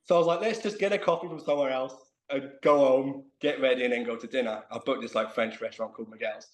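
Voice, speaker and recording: Animated man telling a story in an echoey room. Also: medium pitch, fast. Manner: animated, self-mocking storyteller. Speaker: guest. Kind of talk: casual storytelling chat. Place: remote video call.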